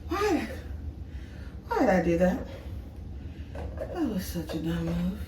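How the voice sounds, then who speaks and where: Moving from room to room at home, a young female vlogger chats to the camera slowly, joking and laughing at her own expense. Her delivery is animated, rising to a high swoop whenever she teases. The background is noisy.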